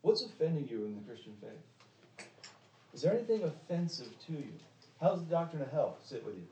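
A man preaching a sermon in a church, pressing the congregation with direct questions, with sharp emphatic rises and drops. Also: on the high side, big pitch swings, fairly quick, muffled recording, a little hiss or hum. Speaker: pastor. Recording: echoey room, mic at a distance.

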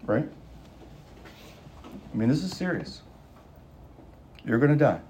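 A man's voice: mid-range voice, sing-song, a little mellow, a little hiss or hum. A man preaching a sermon, emphatic and urgent, repeating key lines and changing his pace. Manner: emphatic, repeats lines for stress, speeding up and slowing down. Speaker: pastor.

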